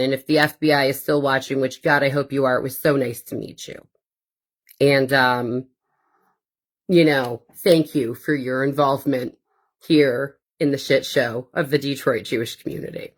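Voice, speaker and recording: A woman's voice: low-pitched, fairly bright tone. A woman hosting her own podcast, delivering a blunt, profane and combative monologue with sarcastic asides. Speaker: podcast host. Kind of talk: ranting monologue.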